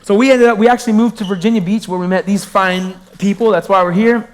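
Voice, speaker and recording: A man from Pennsylvania, high-pitched for a man, tells his faith story to a gathered crowd. He moves between low, hushed asides and bright exclamations. His voice rings out with a long reverb, as in a large hall. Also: steady tone, fast talker. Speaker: magician sharing his testimony. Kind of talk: testimony talk to a live audience.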